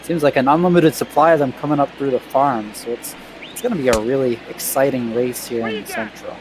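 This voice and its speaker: A man's voice: medium pitch, a little fast. Easygoing man from Michigan talking baseball. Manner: easygoing, analytical, lists player names. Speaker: color commentator. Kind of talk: casual sports commentary. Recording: clear background noise.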